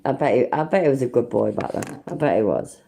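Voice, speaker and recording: A woman's voice: rumbling low, fast talker, vocal fry, dark tone, slight background noise. A British woman hosting a reaction video, mocking and swearing as she mimics and ridicules what she hears. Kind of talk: sarcastic reaction commentary.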